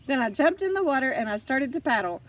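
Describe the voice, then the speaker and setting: A woman narrating a children's audiobook in first person, lively and expressive. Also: high voice, fast, distant mic. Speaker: audiobook reader.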